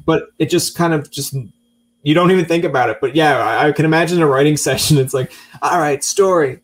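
Man hosting a podcast, jokey and chatty, fairly high voice, faint hum behind. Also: fast talker. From Newfoundland. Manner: jokey, acts out little scenes with laughs. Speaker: podcast host. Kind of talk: casual interview chat.

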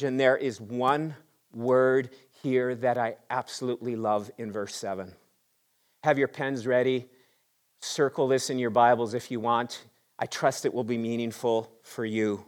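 A male pastor preaching a sermon to his congregation, swinging between excited, raised passages and hushed, quiet emphasis, with frequent rhetorical questions. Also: mid-range voice. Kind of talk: Easter sermon.

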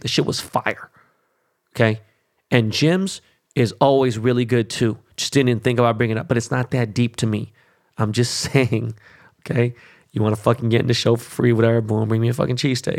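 A man's voice: mid-range voice, creaky. A man in his forties from Los Angeles, hosting a podcast in a blunt, casual rant full of swearing. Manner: blunt, heavy swearing, keeps asking "okay?". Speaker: podcast host.

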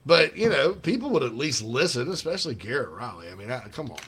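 A man's voice: medium pitch, sing-song, fast, a bit bright, husky. A man hosting sports radio, rambling and joking in casual banter with bursts of laughter.

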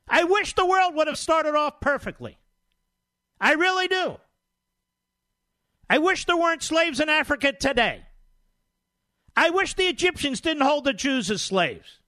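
A man's voice: extremely high pitch, sharp tone, no room sound, studio quality. A man hosting a talk radio show, scornful, indignant and combative in his commentary. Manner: indignant, scornful, rapid-fire.

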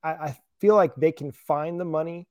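Relaxed dude talking sports, kinda high voice, dry close mic, a bit self-deprecating. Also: male voice, moderate pace, dry recording, lo-fi sound. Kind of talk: casual sports talk.

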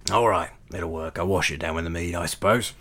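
Figure: a man doing a wisecracking turtle adventurer. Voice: very low. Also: fairly quick, a bit bright. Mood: hungry. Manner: wry, rambling, hesitant. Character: hungry, wisecracking male turtle adventurer seeking vengeance.

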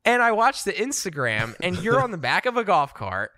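A man from New Jersey co-hosting a podcast, telling a story with lively laughs. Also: high voice, normal speed, no room sound. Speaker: podcast co-host. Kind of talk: casual chat.

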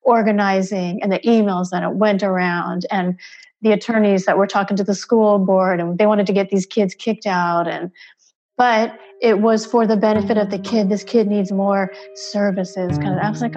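A woman recounts her own experiences in a candid, conversational way, slipping into the voices of the people she quotes and leaning on fillers as she goes. Her voice sits at an ordinary middle pitch. The recording is somewhat dull and muffled, with faint music under it. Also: normal speed. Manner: animated, acts out quoted dialogue, many fillers. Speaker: parent being interviewed. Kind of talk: candid personal storytelling.

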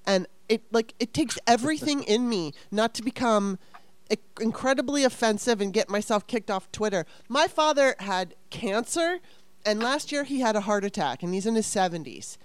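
A woman venting in a heated casual conversation, fast and exasperated, swearing often. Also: fairly high pitch, expressive, smooth, no room sound.

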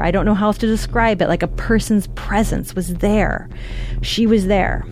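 A woman's voice: fairly low pitch, darkish tone. A woman telling her own story in a casual, conversational way, with frequent fillers. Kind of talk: personal storytelling.

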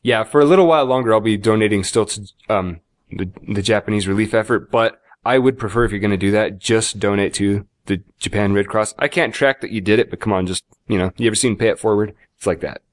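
A man's voice: on the low side, no echo. A man hosting a podcast, chatting casually and joking, then rattling off the show's plugs. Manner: animated, jokey, rattles off plugs quickly. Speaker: podcast host.

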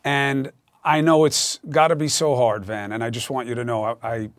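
A man's voice: mid-range voice, little pitch movement, normal speed, dry recording. Guy hosting a news show, emphatic and chatty, dry close sound. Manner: emphatic, conversational, personal. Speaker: host. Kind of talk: news commentary and interview.

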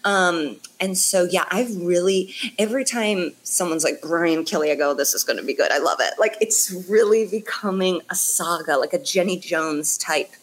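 A woman from Indiana, a comedian co-hosting a casual sports podcast, candid and animated with frequent laughter. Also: fairly low pitch, moderate pace, hardly any pauses. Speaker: comedian and co-host.

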